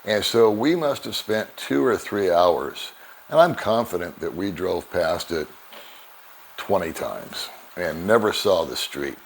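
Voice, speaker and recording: An older man vlogging, telling relaxed, rambling anecdotes to the camera and chuckling now and then. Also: sits low, unhurried, a little hiss or hum. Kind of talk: casual storytelling to camera.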